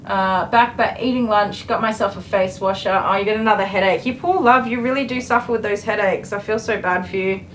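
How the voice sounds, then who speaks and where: Australian woman groomer, mid-pitched, soothing and coaxing, live-stream chat. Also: steady tone, brisk, few pauses, a little hiss or hum, low-quality recording. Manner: soothing, coaxing talk to a dog, chatting to viewers.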